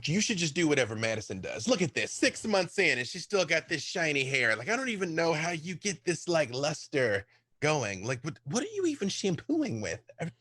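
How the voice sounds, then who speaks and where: A man's voice: on the high side, very animated, normal speed, fairly bright tone, breathy edge, dry recording, studio quality, heavily acted. A man playing a fussing, doting mother. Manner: scolding, doting. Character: fussing motherly older woman.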